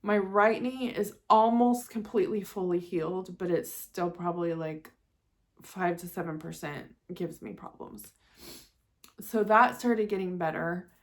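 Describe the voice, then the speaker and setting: With a fairly low pitch and an unhurried delivery, a woman probably in her forties chats to camera in a casual personal vlog. She's candid and emotional and laughs at herself from time to time.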